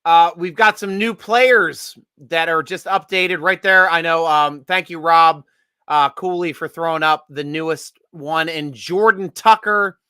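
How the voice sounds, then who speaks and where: A man hosting a casual live draft stream, joking and excitable, laughing often. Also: on the high side, clear, resonant tone, no echo, studio quality.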